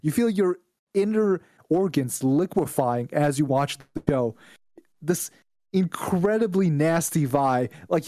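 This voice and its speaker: A man's voice: fairly high pitch, dark tone, no echo, studio quality. A man from Israel, a podcast guest, ranting bluntly and profanely in casual chat.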